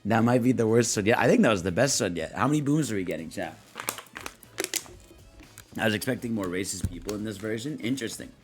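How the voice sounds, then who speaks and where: A man's voice: lowish voice, lively intonation, fast talker, long pauses, faint music behind. A young man streaming live, rambling in slangy, laughing casual chat as he reads out chat prompts. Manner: rambling, laughing, slangy, voices quoted characters.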